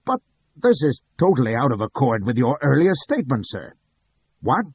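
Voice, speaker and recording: A man voicing a loud, hectoring male prosecutor in a courtroom scene of an audiobook, with a husky voice. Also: mid-range voice, very animated, normal speed, voice pushed up. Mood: incredulous. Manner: bawling, hectoring.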